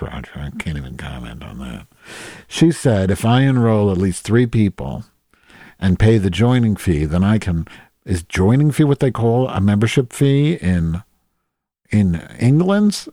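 A man reading a listener's letter aloud and mocking it with deadpan asides. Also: low-pitched, normal speed, no echo. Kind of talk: sarcastic commentary.

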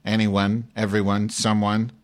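Guy doing a cranky trash-talking lady webcast host, lowish voice, swears nonstop. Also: monotone, measured pace, natural voice. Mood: grumbling. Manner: profane, abrasive, rambling rants. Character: brash foul-mouthed Jewish woman webcast host. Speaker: host of a live online show. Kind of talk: improvised live webcast comedy.

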